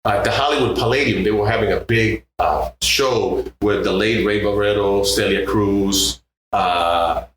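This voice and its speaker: An older man from Puerto Rico, a guest bassist, telling stories in a casual interview and acting out other people's voices. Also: unhurried, very echoey, slight background noise, low-quality recording. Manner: animated, acts out others' voices in quotes.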